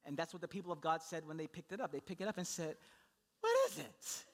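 A man preaching a sermon, telling the story with animated delivery and acting out the people he quotes. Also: fairly high pitch, racing. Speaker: pastor.

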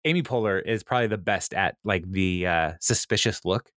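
A man hosting a casual chat, retelling an episode in a halting, rambling way with frequent chuckles. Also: deep voice, a bit bright, no room sound, studio quality. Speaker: podcast host recapping a TV episode.

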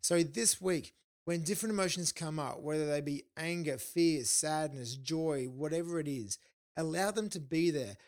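A man's voice: a little high, normal speed. A man hosting a podcast, chatting and then giving listeners an encouraging weekly challenge. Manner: encouraging, instructive. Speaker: podcast host. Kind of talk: casual chat and wrap-up.

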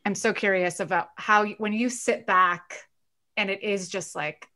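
A woman's voice: mid-range voice, fairly even intonation, moderate pace, pushed and bright. A woman co-host and wedding planner, asking the guest curious, musing questions in casual chat.

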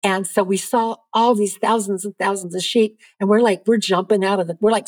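Podcast guest: earnest woman, mid-range voice, lively storyteller, dry sound. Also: mid-range voice, a little fast, few pauses, dry recording. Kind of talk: faith testimony in a podcast interview.

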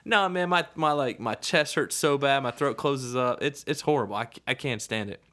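A man's voice: mid-range voice, normal speed, a bit bright. A man in casual podcast chat, telling a story with lots of laughter and frequent "right?" asides.

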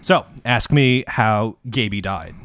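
A man's voice: lowish voice, lively intonation, slow, a bit bright, no room sound, clean studio sound. Sweary ranting male podcast host. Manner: ranting, sweary, explains with confident asides. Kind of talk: casual comedy podcast chat.

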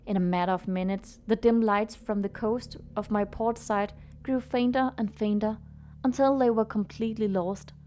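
A woman playing a student podcaster who chats hesitantly and then reads a ghost story aloud in a steady voice. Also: medium pitch, moderate pace, a little hiss or hum, lightly acted. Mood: storytelling.

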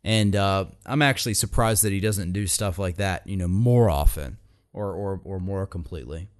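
A man commenting on a speech clip in a measured, explanatory way, with frequent fillers and repeated words. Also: sits low, no echo, clean studio sound.

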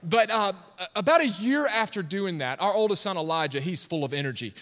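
A pastor, preaching a sermon with animated storytelling and laughter. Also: male voice, sits high, fairly quick. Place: church hall. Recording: long reverb of a church hall.

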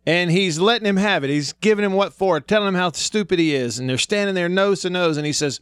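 A man with a Southern US accent hosting a talk radio show, his voice sitting a bit high. He chats casually, laughs easily and rambles into long stories. The sound is dry and close, with no room around it. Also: fairly quick, few pauses, fairly bright tone, clean tone, no echo. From American South. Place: radio studio.

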